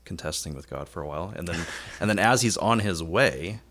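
A man co-hosting a church podcast, retelling a scripture story in lively casual chat. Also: low-pitched, brisk. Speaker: podcast co-host. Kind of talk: conversational Bible discussion.

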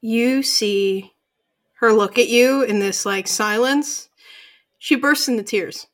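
Casual, swearing woman game master. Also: on the high side. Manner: casual, halting, peppered with swearing. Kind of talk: narrating a tabletop game.

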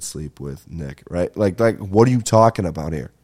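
A young man with a deep, mellow voice hosts a comedy podcast. He tells long, winding stories thick with swearing, fillers and sudden tangents. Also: expressive, moderate pace, hardly any pauses. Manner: profane, meandering, lots of fillers and asides. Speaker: podcast host. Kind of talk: rambling comedic storytelling.

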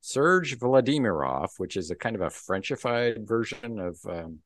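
A man's voice: lowish voice, moderate pace, a little hiss or hum. A man hosting a podcast, casually recapping a comic book and acting out its dialogue. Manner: recaps the plot and acts out the dialogue. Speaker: podcast host.

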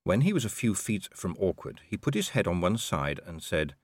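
A man reading an audiobook aloud in scripted narration, measured and expressive. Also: sits low, dry recording, clean studio sound.

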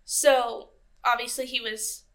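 A young woman with a high, bright voice co-hosts a true-crime podcast in relaxed chat. She tells her case casually and drops dry, sarcastic one-word remarks. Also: slow pace. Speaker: podcast co-host.

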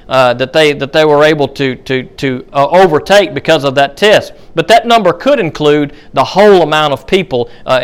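A man's voice: fairly high pitch, clean tone. A man teaching a Bible study class in a conversational way, with many fillers and restarts. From United States.

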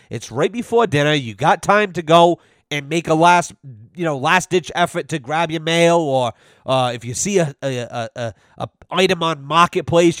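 Man podcast host, blunt, profane, animated storyteller, dry close sound. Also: on the high side, dry recording. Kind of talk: casual profane podcast chat.

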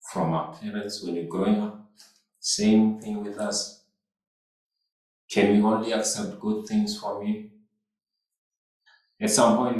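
A man preaching a sermon as pastor, repeating phrases and calling out to the congregation. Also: low voice. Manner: slow, repetitive preaching with call-outs to the congregation. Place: church hall. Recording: echoey hall, mic far off.

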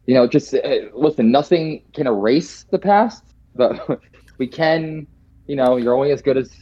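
A man co-hosting a casual soccer podcast, animated and ribbing the others. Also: lowish voice. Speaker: podcast co-host. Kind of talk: casual chat. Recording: dull lo-fi sound.

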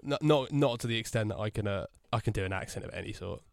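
A man's voice: lowish voice, animated, fast talker, creaky, a little mellow, no room sound. A young man with an English accent, co-hosting a casual podcast chat, self-deprecating and laughing often. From England. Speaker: podcast co-host.

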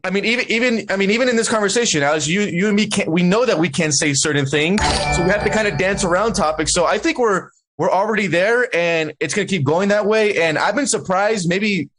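Brief: talkative male guest, high pitch, tells stories. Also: fairly bright tone. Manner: chatty, storytelling, halting restarts. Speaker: podcast guest. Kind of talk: casual political chat.

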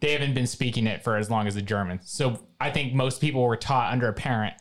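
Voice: mid-range voice, fast talker. A podcast co-host chats casually in a mid-range voice, with crude jokes and blunt remarks. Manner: crude, joking. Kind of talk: casual chat.

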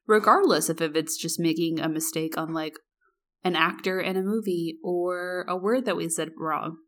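A woman's voice: fairly low pitch, moderate pace. A woman co-hosting a podcast in casual chat, talking earnestly with lots of "like" and "you know". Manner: earnest and chatty, many "like" and "you know" fillers. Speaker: podcast co-host.

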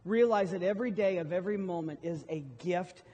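A middle-aged male pastor preaches a sermon, telling stories with emphatic swells and sudden loud bursts. His voice sits high for a man. It rings out with a long reverb tail across a large hall. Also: a little fast, dull audio.

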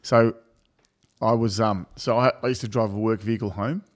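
A man's voice: on the low side, steady tone, moderate pace. Middle-aged man, crude laughing storyteller, casual podcast banter. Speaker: podcast co-host.

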